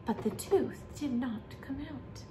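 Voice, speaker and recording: A woman, a preschool teacher, reading a picture book aloud to children with animated, exaggerated storytelling. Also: high voice, takes it slowly. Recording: echoey room with faint hiss.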